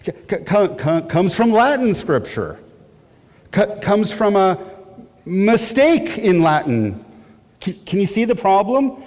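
Animated male lecturer in a reverberant hall. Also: high-pitched, takes it slowly. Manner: animated, repeats words and restarts, asks the listeners questions. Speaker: teacher of church history. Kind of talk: lecture on Reformation history.

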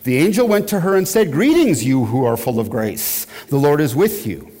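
A man lecturing with a lively, swooping delivery, his voice sitting a little high for a man. He stumbles over words, restarts, and keeps asking the room whether they follow. The sound carries a long reverb, as if recorded in a large hall. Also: normal speed. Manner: animated, repeats words and restarts, asks the listeners questions. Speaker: teacher of church history. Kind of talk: lecture on Reformation history.

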